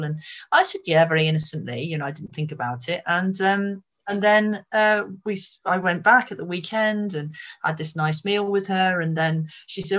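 A woman guest telling a personal story in casual chat, animated, acting out what people said. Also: low-pitched, brisk, dull audio. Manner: lively, animated retelling with voiced quotes. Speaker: interview guest.

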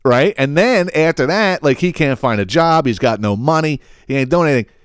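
A man hosting his own podcast, telling a story in a casual, profane and animated way, acting out the quotes. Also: on the high side, brisk, clean tone, dry recording, clean studio sound. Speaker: podcast host.

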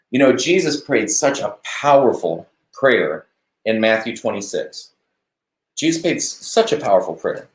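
A man hosting a live stream, giving a relaxed devotional talk on a verse and chatting to viewers as they comment. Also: mid-range voice, measured pace, roomy sound. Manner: conversational, warm-hearted preaching with asides to viewers.

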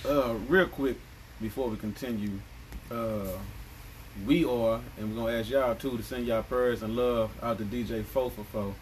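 A man's voice: medium pitch, steady tone, normal speed. A man co-hosting a podcast, talking in loose, slangy, joking chat. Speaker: podcast co-host. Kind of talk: casual chat. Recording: noisy background.

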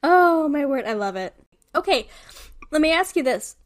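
A woman co-host with a fairly high voice, talking in an animated, emphatic way. She leans hard on key words and throws in a swear word now and then. Her tone stays casual and easy, like a chat between friends. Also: normal speed. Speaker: podcast co-host.

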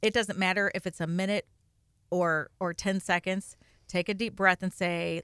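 A woman's voice: fairly low pitch, fairly even intonation, moderate pace, fairly bright tone, smooth, dry recording, studio quality. A woman in her forties, co-hosting a podcast in casual chat. She talks candidly and earnestly, laughs easily, and acts out remembered conversations. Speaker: podcast co-host.

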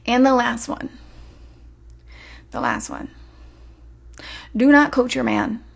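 A woman hosting a podcast as a relationship coach, talking in a casual, emphatic way and acting out quoted voices. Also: fairly high pitch.

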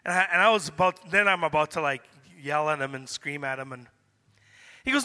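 A man's voice: a little high, lively intonation, brisk, sharp tone. A middle-aged man preaching a sermon in a casual, conversational way, acting out the dialogue from a personal story. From Canada. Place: church hall. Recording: long reverb of a church hall.

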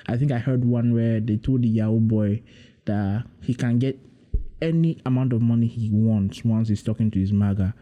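A man's voice: medium pitch, normal speed, warm tone. A man, hosting his own podcast in a rambling, musing solo monologue that leans heavily on "you know". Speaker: podcast host.

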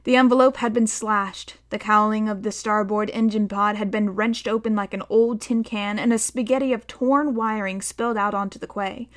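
A woman narrating a novel aloud in a steady storytelling manner, voicing the dialogue. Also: medium pitch, normal speed, hardly any pauses. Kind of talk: audiobook narration.

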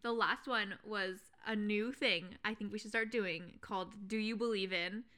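A woman's voice: mid-range voice, steady tone, moderate pace, bright, forceful tone. A young woman co-hosting a podcast in casual chat, easygoing and a little wry. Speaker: podcast co-host.

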